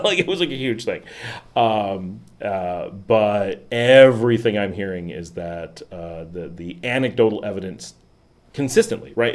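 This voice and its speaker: A man with a low, darkish voice hosts his own livestream from home in the city. As a vlog host, he chats casually and rambles, using many fillers and little laughs.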